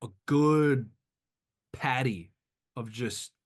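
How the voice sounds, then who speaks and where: Man from Detroit, mid pitch, podcast band guest, loose animated anecdote-teller who restarts sentences constantly. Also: very slow, slightly rough. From Detroit, USA. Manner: rambling, animated, frequent restarts. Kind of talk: casual storytelling anecdote.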